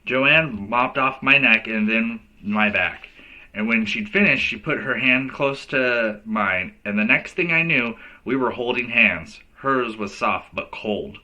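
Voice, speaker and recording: A man's voice: medium pitch, unhurried, lo-fi sound. A male teacher reading a children's novel aloud to kids, giving each character a voice. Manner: lively storyteller who voices each character.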